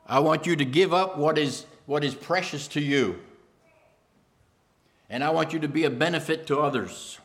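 A man's voice: fairly high pitch, moderate pace, long pauses, fairly bright tone, voice pushed up. A preacher voicing a teacher who gives a hard command, raising his voice and repeating himself urgently. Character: earnest male teacher giving a hard command.

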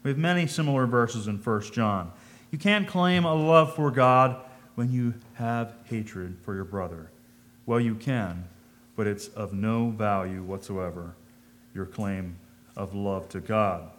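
A man's voice: fairly low pitch, unhurried, slight background noise. Man preaching in an easy, questioning way. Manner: thinks aloud, asks the listeners questions; reads scripture in old-fashioned wording. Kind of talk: conversational sermon.

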